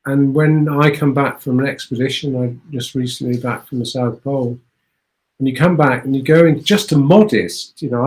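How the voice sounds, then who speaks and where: A man talks as a guest in a relaxed interview, halting and repeating small words as he goes. His voice sits at an ordinary middle pitch. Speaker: guest explorer. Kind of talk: conversational interview.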